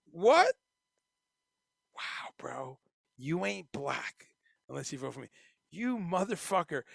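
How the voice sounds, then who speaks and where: Gravelly, bright-voiced male livestream host. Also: on the high side, dry recording, clean studio sound. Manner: profane, animated, reads chat comments aloud. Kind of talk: casual livestream chat.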